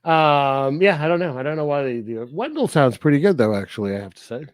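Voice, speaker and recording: A man's voice: on the high side, expressive, fast talker, no room sound. Man, podcast co-host, casual film chat, laughs a lot, rambling, dry close recording. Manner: laughs often, loose rambling with fillers.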